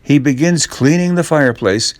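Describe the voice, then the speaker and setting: An older man reading a children's story aloud in a gentle, even storytelling manner. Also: a little high, normal speed, dry recording.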